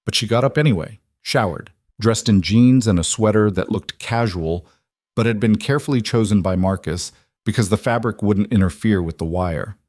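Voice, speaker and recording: A man narrates a romance story in a steady, even storytelling manner. His voice is low and the recording dry, with no room around it. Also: normal speed, no room sound. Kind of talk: scripted narration.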